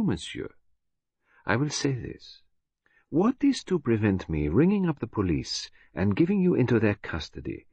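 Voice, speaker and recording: A man voicing a precise, self-assured older male detective who speaks in a gentle, measured way. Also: medium pitch, husky, no room sound, full character voice. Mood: commanding.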